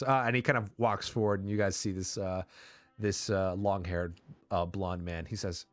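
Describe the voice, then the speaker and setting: A man's voice: deep voice, steady tone, moderate pace, no room sound, faint music behind. A man running a tabletop game as game master, narrating in a loose, rambling way full of likes and uhs. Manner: rambling, filler-heavy narration.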